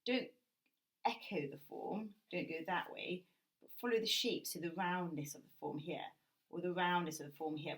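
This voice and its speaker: A British woman, her voice sitting a little low, talks through a drawing demonstration indoors at a table. She explains gently and thinks aloud as she works, like an art teacher guiding a class at home. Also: normal speed, rough recording. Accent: British English.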